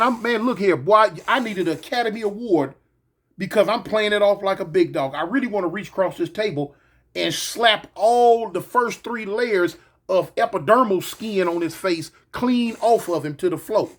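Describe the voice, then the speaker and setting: High-voiced man telling a street story. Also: normal speed. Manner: animated retelling, acting out quoted voices. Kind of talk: casual storytelling.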